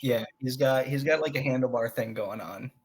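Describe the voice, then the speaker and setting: A man with a slightly husky, mid-pitched voice talks through his character at a tabletop game. He rambles loosely and laughs a lot. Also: normal speed. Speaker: tabletop player voicing a hobbit character. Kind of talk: casual role-play chat.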